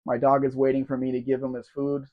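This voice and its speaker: A man's voice: mid-range voice, completely flat delivery, fast. A man with a sore throat hosts a casual live-stream Q&A, reading viewer comments aloud and calling people by name. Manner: chatty and rambling, addressing viewers by name. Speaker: live Q&A host. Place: at home in a room. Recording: dull lo-fi stream audio.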